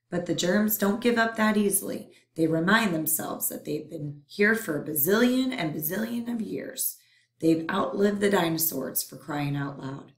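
A woman reading a children's picture book aloud in a playful, expressive way. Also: on the low side, normal speed. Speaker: storyteller. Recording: roomy echo.

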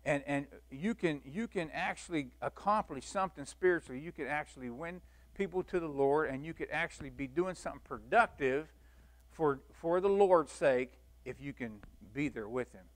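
A man teaching a church Bible lesson in a folksy, animated way, acting out the scenes he tells. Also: a little high, moderate pace. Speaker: Sunday school teacher.

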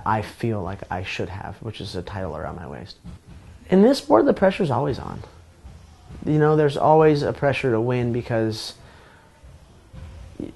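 A man's voice: medium pitch, darkish tone. A man speaking as a professional fighter in a casual pre-fight interview, candid and self-deprecating, rambling with frequent restarts.

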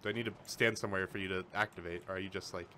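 A man streaming a game, commenting live, swearing often and breaking into panicked yells and laughter at a computer. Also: sits low, fairly even intonation, very fast, slight background noise. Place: at a computer, keyboard and mouse.

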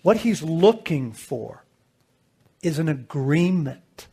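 A middle-aged man telling a personal story as a sermon, swinging between loud bursts and hushed low lines. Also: expressive, slow pace, breathy edge. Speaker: Christian author and speaker.

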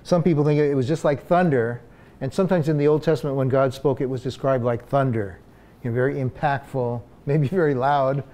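Mellow-voiced pastor preaching conversationally. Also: male voice, mid-range voice, fairly even intonation, brisk. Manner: conversational preaching with frequent fillers and restarts. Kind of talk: sermon.

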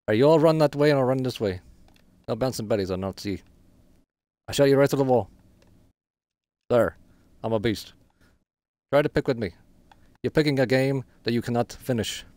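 A man's voice: mid-range voice, a little mellow, dry recording. A man streaming a shooter game, giving frustrated live commentary with trash talk and swearing. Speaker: gaming streamer.

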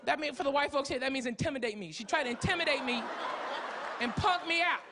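High-pitched guy doing standup, loud and cussing, live crowd laughing. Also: fast. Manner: loud, profane, storytelling with shouts. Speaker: stand-up comedian. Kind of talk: stand-up comedy set. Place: comedy club stage. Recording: live club with audience noise.

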